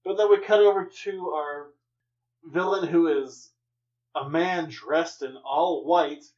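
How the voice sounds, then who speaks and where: Brief: young male podcast co-host, wry and dry, slightly high voice, dull lo-fi audio. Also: slow pace, darkish tone. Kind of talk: casual comics podcast chat.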